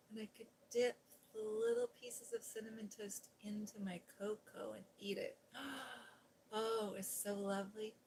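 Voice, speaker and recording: A woman hosting a soft-spoken ASMR livestream, chatting gently with viewers and recapping a children's story in a sweet, cooing tone. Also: a little high, slight background noise, low-quality recording. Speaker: ASMR host reading aloud.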